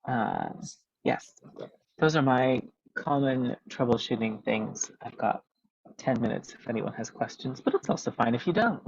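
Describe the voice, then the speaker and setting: A man's voice: mid-range voice, sing-song, a little slow, vocal fry, husky, dry recording. A man, a vocal coach, explaining technique methodically over a video call with many ums. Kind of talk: webinar teaching. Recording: dull lo-fi video call audio.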